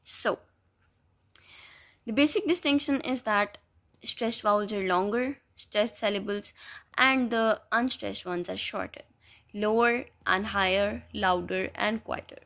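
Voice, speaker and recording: A woman's voice: mid-range voice, a little slow, creaky, a bit bright. A woman teaching a lesson in a patient way, repeating example words as she explains.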